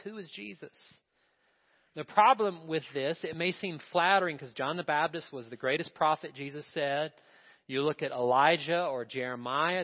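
Male pastor, emphatic preaching, slightly high voice, lo-fi church recording. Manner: emphatic preaching, rising and falling in volume. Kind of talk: sermon. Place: church sanctuary. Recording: muffled church recording with long reverb.

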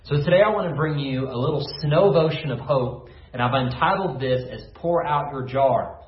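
A male pastor delivers a devotional in call-and-response style, asking his listeners to repeat each phrase after him. His voice sits a little high. The recording sounds echoey and slightly muffled. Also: normal speed, a little hiss or hum. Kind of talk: online sermon devotion.

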